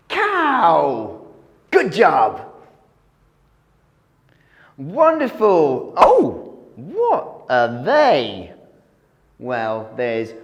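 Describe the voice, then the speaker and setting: A man's voice: a little high, huge pitch swings, very slow, long pauses, fairly bright tone, big-room sound. A man teaching English vocabulary to children, sounding out letters and animal noises.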